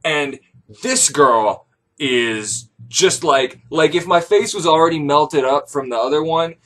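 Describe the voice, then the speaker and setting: Animated, profane male comic storyteller. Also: a little high, a little slow. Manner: animated, profane, rambling jokes. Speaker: comedic storyteller. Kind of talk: comic first-person retelling of a myth.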